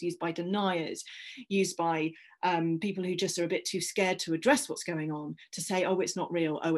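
A woman with an English accent giving an online science talk, gently reassuring listeners and inviting them to breathe. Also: fairly low pitch.

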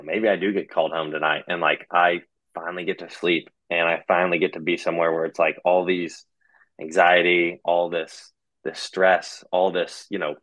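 A man's voice: sits low, fairly bright tone, dry recording, poor audio. A young man, a podcast guest telling his own story casually and acting out the dialogue as he goes. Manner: retells scenes by quoting dialogue. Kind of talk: casual first-person storytelling.

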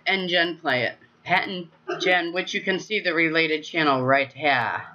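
A woman's voice: sits low, measured pace, sharp tone, dull audio. A woman in her forties from northeast Ohio co-hosting a family gaming channel, wrapping up in a playful, upbeat chat that plugs the channel. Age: 40s. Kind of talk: casual channel outro chat.

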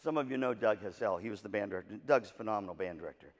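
A man's voice: fairly low pitch, rapid-fire. A man giving a humorous, story-driven keynote talk to music teachers, joking and self-deprecating, recorded in a large conference hall. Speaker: keynote speaker to band directors. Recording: long reverb of a large hall.

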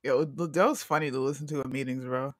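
A woman's voice: a bass voice, fast talker, dry recording, studio quality. A woman co-hosting a casual chat stream, blunt and outspoken, with lots of slang. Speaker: co-host.

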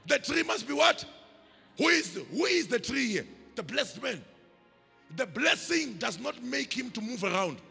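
A South African pastor preaching in a high, gravelly, raspy voice with a sharp, forceful edge. His delivery is emphatic and rhythmic, full of call-and-response to the congregation. The sound carries a long church-hall reverb with faint music underneath. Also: sing-song, unhurried. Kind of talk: sermon.

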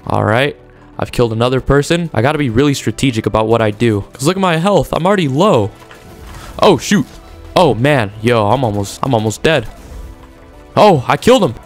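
Young male gamer, hyped play-by-play with casual slang, mid-pitched voice, faint music under it. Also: fairly quick. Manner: excitable, trash-talking, casual slang. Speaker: gaming YouTuber. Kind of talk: energetic gameplay commentary.

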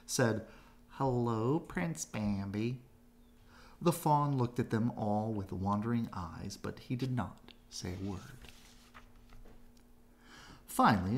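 A man reading a children's storybook aloud, gentle and expressive. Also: lowish voice, vocal fry. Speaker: storybook reader.

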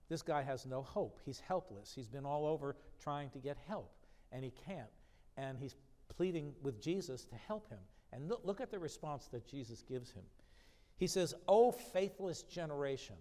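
Here a pastor's mid-range, somewhat mellow voice fills a reverberant church sanctuary. He reads a scripture passage with mounting emphasis, then talks through its meaning conversationally.

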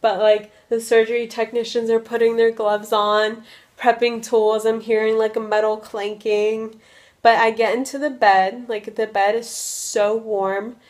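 A woman's voice: fairly high pitch, little pitch movement, measured pace, a little mellow. A young woman from Russia telling a story in a casual vlog, talking loosely with lots of filler words. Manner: chatty, many "like" fillers. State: a little loopy from medication. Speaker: vlogger.

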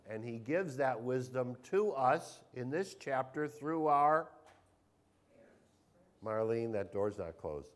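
A man's voice: medium pitch, sing-song, measured pace. A man, a pastor, leading a Bible study, reading scripture aloud with emphasis and questioning the group.

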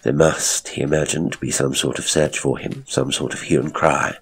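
A man narrating a strange horror story in a measured, deliberate way. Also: extremely low pitch, fairly even intonation, gravelly.

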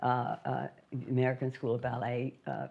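A woman's voice: extremely low pitch, sing-song, normal speed, vocal fry, breathy edge, phone-quality sound. An older woman reminiscing in a casual conversation, speaking in an effusive, enthusiastic way. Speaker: honoree in conversation.

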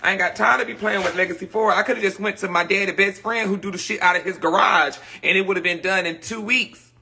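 A brash man with a drawl holds court on his live stream, his voice cutting and sharp with a gravelly rasp at the bottom. He rants and gossips at viewers in a loose, profane, fed-up stream of talk. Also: sits high, fast talker, slight background noise. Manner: frustrated, ranting. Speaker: livestream host. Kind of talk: casual livestream chat. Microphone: phone or webcam on a live stream.

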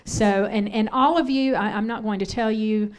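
This middle-aged woman, a pastor's wife, teaches on parenting in a church sanctuary with a medium-pitched voice at a normal speed. Her sermon is conversational and candid, full of stories, and she puts questions to the room.

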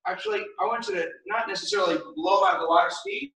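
A man's voice: sits high, very animated, fast, creaky, fairly bright tone, recorded from a distance. A man teaching an online martial arts class, calling out drills and encouraging students in a casual, upbeat way. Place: martial arts studio, indoors. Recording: echoey studio, voice from off-mic.

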